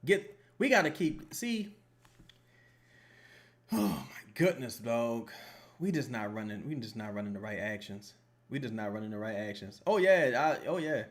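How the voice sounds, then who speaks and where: A man's voice: mid-range voice, moderate pace. A young man giving casual live reaction commentary while watching a basketball game, joking and swearing as he rambles. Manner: animated, joking, profane and rambling.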